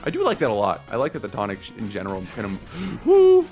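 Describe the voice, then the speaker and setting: Excitable young man playing a game. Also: fairly low pitch, fast. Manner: excitable, rambling, laughing, swearing. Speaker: let's play host. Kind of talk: casual gameplay commentary. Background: faint game music.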